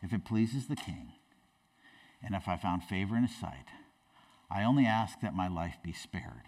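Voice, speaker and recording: A pastor voicing a brave young queen who speaks in a soft, hushed, earnest way. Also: low-pitched, expressive, normal speed, far from the mic, pitched below the performer's own voice. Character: brave young queen, woman, pleading calmly.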